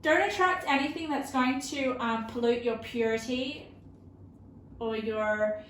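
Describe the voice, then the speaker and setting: A woman giving an intuitive tarot reading to her viewers, earnest and emotional, halting often with fillers and restarts. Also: a little high, a bit bright. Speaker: tarot reader. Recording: roomy with faint background hiss.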